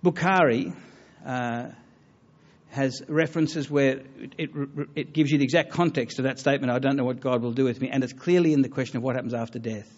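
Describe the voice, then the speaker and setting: A man giving a public talk on religion and taking audience questions, earnest and halting, with many fillers and restarts. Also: mid-range voice, fairly even intonation, darkish tone, lo-fi sound. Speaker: lecturer on religion.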